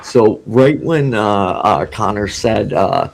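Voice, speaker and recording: A man guesting on a podcast, rambling excitedly through a casual story and laughing often. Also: fairly low pitch, slow pace, gravelly.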